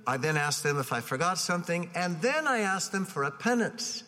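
Male preacher, slightly high, bright voice, chatty sermon delivery, long hall reverb. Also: sing-song, normal speed. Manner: conversational storytelling with frequent restarts.

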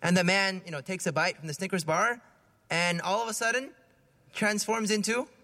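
A man's voice: sits high, normal speed, pushed and bright. A man giving a conversational homily, asking his listeners questions and often repeating his words as he goes. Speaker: preacher.

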